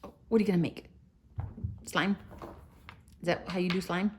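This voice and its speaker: With a lowish, somewhat mellow voice and fairly even intonation, a young mother encourages her little ones at the table at a moderate pace. Cheerful and sing-song, she sometimes whispers, and slight background noise runs through this casual home video.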